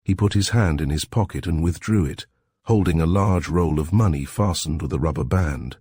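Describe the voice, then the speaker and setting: A man reading a story aloud in measured, even narration. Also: a bass voice, husky, no room sound. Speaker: audiobook reader. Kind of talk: scripted narration.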